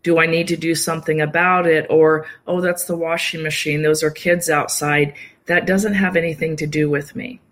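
Calm woman explaining mindfulness practice. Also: low voice, normal speed. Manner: calm, explanatory, acts out little quoted inner voices. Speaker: yoga nidra practitioner and guest. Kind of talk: casual interview conversation.

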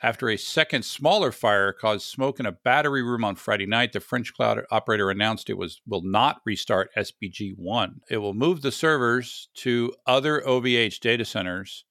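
A man's voice: fairly low pitch, moderate pace, pushed and bright, dry recording, clean studio sound. An American man hosting a casual tech chat, rambling, joking at himself and repeating words as he goes. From United States. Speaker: podcast host.

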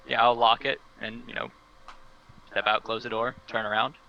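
Bright-voiced, stammering male player. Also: fairly even intonation, moderate pace, vocal fry, dull audio. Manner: hesitant, stammering, with sudden jumps in pitch. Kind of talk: playing his character in a tabletop game.

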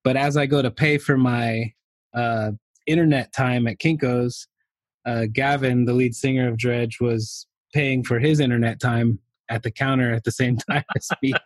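A man's voice: medium pitch, steady tone, normal speed, no echo. A man telling a rambling story to a podcast host, laughing often and leaning on fillers. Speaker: podcast guest. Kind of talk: casual anecdote telling.

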